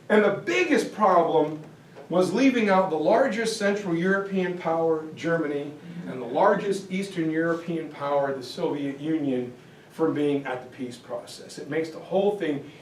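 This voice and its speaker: Guy teaching history, pretty high voice, lively, mic kinda far off. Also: normal speed, a little hiss or hum. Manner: lively, acts out quotes from history. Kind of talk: classroom lecture. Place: lecture room. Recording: echoey room, voice from far off.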